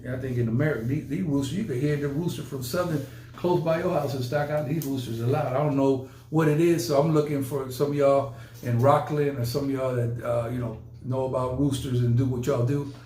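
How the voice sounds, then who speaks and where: A man's voice: medium pitch, steady tone, fairly quick, warm tone, a little hiss or hum. A man hosting a podcast in casual chat, rambling and emphatic, often repeating his words. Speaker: podcast host. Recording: roomy echo.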